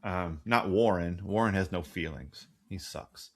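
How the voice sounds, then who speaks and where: A man's voice: deep voice, unhurried. A man co-hosting a podcast, recapping a TV episode in a casual, profane, sarcastic way. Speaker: podcast co-host.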